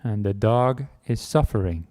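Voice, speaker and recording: Here the monk's voice is fairly low, mellow, animated yet unhurried. His dharma talk is comic: a fabricated story told playfully and self-mockingly, with barking and chases acted out.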